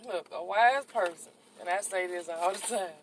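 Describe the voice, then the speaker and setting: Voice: mid-range voice, moderate pace, a little hiss or hum, poor audio. A podcast co-host, talking in a playful, emphatic and self-mocking way. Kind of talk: casual chat.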